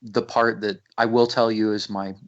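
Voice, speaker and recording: A man's voice: lowish voice, little pitch movement, normal speed. A man, a rapper, talking intensely as a radio guest, swearing freely and restarting his sentences. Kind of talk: casual radio interview. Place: radio studio. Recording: muffled lo-fi radio audio.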